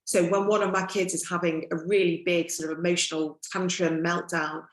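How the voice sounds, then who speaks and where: A middle-aged woman speaking as a guest in a podcast chat, reflective and unhurried with frequent fillers. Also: on the low side, flat delivery. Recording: echoey room.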